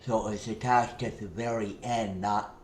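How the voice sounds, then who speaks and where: Low slow man on an echoey call. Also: steady tone, darkish tone. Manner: hesitant questioning. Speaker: student. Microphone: video call. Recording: echoey room with faint noise.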